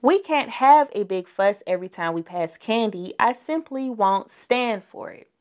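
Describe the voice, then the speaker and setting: A woman's voice: on the high side, expressive, unhurried, darkish tone. A woman voicing a stern but loving mother bear who scolds her cubs firmly. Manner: firm, scolding.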